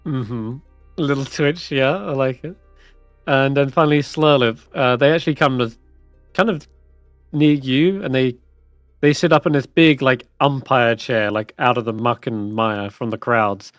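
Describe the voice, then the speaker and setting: A man runs a tabletop game as dungeon master, narrating in a loose, laughing way. His voice is mid-pitched and dry, with faint music underneath. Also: unhurried, dry recording.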